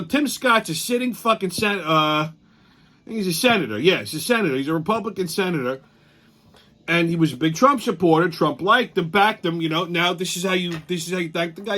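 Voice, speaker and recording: Male host, high voice with a sharp edge, ranting sarcastically and swearing freely. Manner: heated, sarcastic, heavy swearing. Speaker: show host. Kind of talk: profane political rant.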